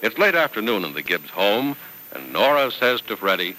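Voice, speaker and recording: Bright-voiced vintage radio announcer man. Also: on the low side, big pitch swings, moderate pace, a little hiss or hum, rough recording. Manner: emphatic, selling, stately narration. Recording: old radio transcription.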